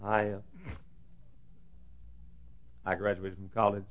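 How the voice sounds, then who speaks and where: A man in his fifties preaching a sermon in a folksy, joking way, repeating himself and bursting into shouts. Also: lowish voice, level tone, slow pace. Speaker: pastor. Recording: dull lo-fi recording.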